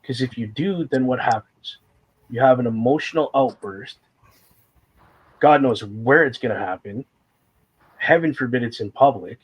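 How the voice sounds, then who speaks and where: A man's voice: medium pitch, normal speed, pauses often, breathy edge, poor audio. A man talking candidly and emotionally in a casual conversation, a guest sharing a personal story with rambling fillers and moments of fighting back tears.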